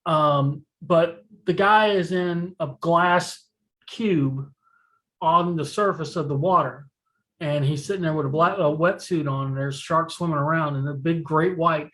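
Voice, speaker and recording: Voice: mid-range voice, low-quality recording. A podcast co-host chatting casually, telling stories with lots of laughter and swearing. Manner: animated storyteller, profane, laughs while telling. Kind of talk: casual chat.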